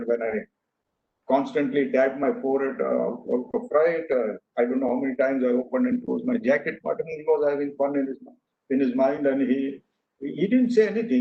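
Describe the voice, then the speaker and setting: A man's voice: mid-range voice, a little fast, gravelly, a little hiss or hum. Older man speaking in an echoey hall. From India. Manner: anecdotal, earnest, with frequent fillers and restarts. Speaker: speaker giving a talk. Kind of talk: speech to an audience. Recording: echoey hall, dull lo-fi sound.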